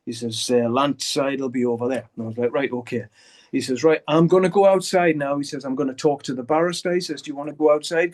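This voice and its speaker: Blunt man telling a story. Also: on the high side. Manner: blunt, swears often, acts out quoted dialogue. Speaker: guitarist interviewee. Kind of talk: candid storytelling interview. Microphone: video call.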